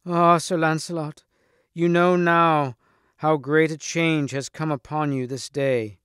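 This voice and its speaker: A man's voice: on the high side, steady tone, takes it slowly, fairly bright tone, clean tone, no echo. Weeping storybook damsel, pleading, a male reader puts her on, dry close sound. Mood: grieving. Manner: pleading, sorrowful. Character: tearful young damsel on horseback.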